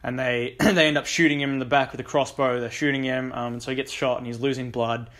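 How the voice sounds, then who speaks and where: A man's voice: medium pitch, fairly even intonation, fast talker, fairly bright tone. A young man hosting a book channel, casually recapping a story in a rambling way full of ums and likes. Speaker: book discussion channel host.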